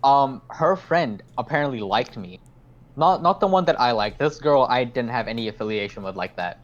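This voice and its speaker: A man's voice: mid-range voice, lively intonation, moderate pace, highs cut off. A young man hosting a podcast, telling a story in casual chat, rambling, swearing a lot and acting out his own lines. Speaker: podcast host.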